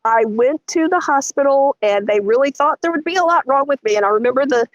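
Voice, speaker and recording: A middle-aged woman, telling a story as a guest in an interview, animated and vivid. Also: fairly quick, no echo, highs cut off. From Texas. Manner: animated, vivid storytelling with lots of pitch swings.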